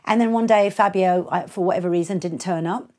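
A woman's voice: on the low side, fairly quick, a little mellow. A middle-aged woman DJ being interviewed, telling stories frankly and animatedly, swearing freely and acting out the voices of people in her stories. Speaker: guest DJ and producer. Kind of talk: casual storytelling interview.

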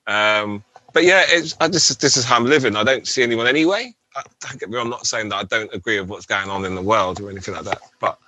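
A man's voice: lowish voice, fast talker, bright, forceful tone, no echo. A man in his forties, a rave MC guest, chatting casually and rambling, often adding "do you know what I mean". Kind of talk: casual interview chat.

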